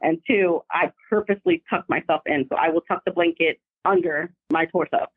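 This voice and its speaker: Brief: animated woman caller telling a story down a thin, tinny phone line. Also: on the low side, moderate pace, breathy edge, dry recording. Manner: animated, vivid retelling. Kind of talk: casual storytelling. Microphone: phone call.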